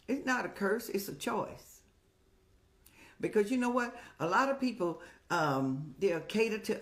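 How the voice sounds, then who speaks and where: A woman's voice: medium pitch, lively intonation, a little slow. An older woman hosting a live-streamed advice show, talking in a motherly, preachy way and telling stories with laughs. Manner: motherly, preachy, addresses viewers as "child".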